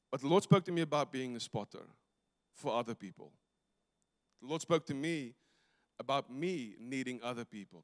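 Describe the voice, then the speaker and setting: A South African man preaching a sermon as a pastor, telling a story animatedly, acting out the dialogue and breaking into laughter. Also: a little high. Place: church stage. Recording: long church hall reverb.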